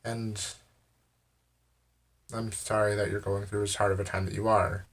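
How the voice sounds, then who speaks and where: This American man speaks unhurriedly in a lowish voice with little pitch movement. Talking to camera, he rambles through a casual story in a wry, amused way, leaning on fillers and "I'm like."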